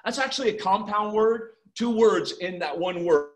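A man preaching a sermon as pastor, emphatic, swinging between loud and quiet passages. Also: sits high, normal speed. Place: church. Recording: echoey room.

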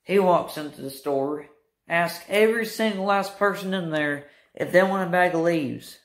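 A young man telling a mocking, animated storytime rant as a vlogger. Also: sits high, moderate pace, reverberant. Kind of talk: ranting storytime vlog.

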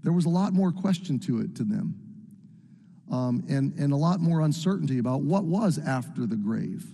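A man's voice: on the high side, animated, moderate pace, gravelly, dark tone, breathy edge. A man preaching a sermon, reading scripture and acting out the psalmist's cries with a rising voice. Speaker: pastor. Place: church sanctuary. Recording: echoey hall with long reverb.

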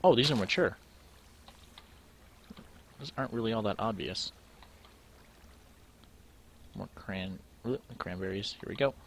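A young man with a fairly low voice talks his way through a game, musing aloud as he sorts and checks things. It is loose, casual play-along commentary with a faint hum of ambience underneath. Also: measured pace, long pauses. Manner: thinking aloud, musing to himself while sorting items. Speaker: let's play gamer.

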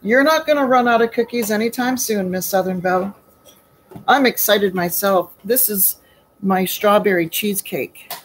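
A woman's voice: medium pitch, normal speed, low-quality recording. A woman hosting a casual live baking stream from her home kitchen, chatty and folksy, greeting viewers by name.

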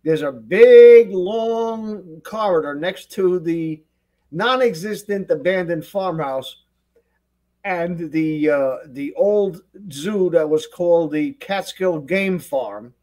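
Guy guest on a podcast, slightly high voice, rambles on with suspicious stories. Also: slow, dark tone. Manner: rambling storyteller, conspiratorial, hesitant restarts. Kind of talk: casual conversation.

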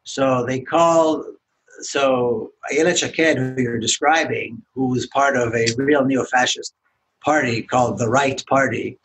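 A man speaking as a podcast guest, earnest and emphatic in a measured way. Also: mid-range voice, steady tone, a bit bright, a little hiss or hum, rough recording. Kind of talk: interview conversation.

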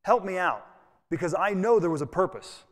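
A man preaches to his congregation in a high voice that carries a long echo through the church. He keeps it conversational and folksy, slipping in personal asides as he goes. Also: lively intonation, moderate pace. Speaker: pastor. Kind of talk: sermon. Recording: long reverb of a church hall.

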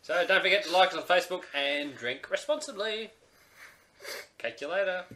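Wry, bright-voiced man in an echoey room. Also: high voice, lively intonation, normal speed. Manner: wry, mock-stern jokes. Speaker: podcast co-host. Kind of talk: casual chat.

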